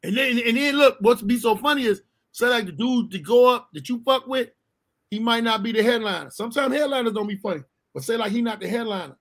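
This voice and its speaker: A man co-hosting a casual comedy podcast chat, loud and profane, acting out little scenes. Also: extremely high pitch, animated, fairly quick. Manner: loud, profane, acts out scenes in funny voices. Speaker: podcast co-host.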